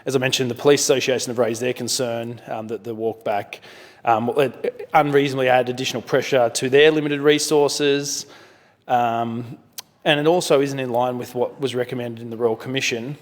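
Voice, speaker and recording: A man's voice: mid-range voice, steady tone. Australian man speaking in a reverberant chamber. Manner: measured, many fillers and self-corrections. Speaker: member of parliament. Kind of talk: parliamentary speech. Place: parliament chamber.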